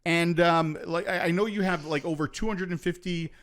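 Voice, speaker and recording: A man's voice: high voice, steady tone, normal speed, fairly bright tone. A man hosting a live online show and interviewing a guest, loose and friendly, with many restarts. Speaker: show host.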